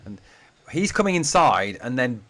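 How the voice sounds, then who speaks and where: A man's voice: medium pitch, big pitch swings, a little slow, a bit bright. A man hosts a live fan watch-along, calling the play as it happens. His talk is loose and chatty, full of swearing and replies to comments from viewers. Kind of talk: casual live-stream match commentary.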